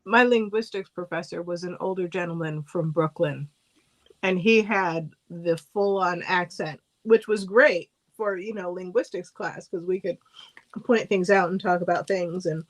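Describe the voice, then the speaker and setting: A woman co-hosting a casual livestream chat, talking in a relaxed way and laughing easily. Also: on the low side, measured pace, rough recording.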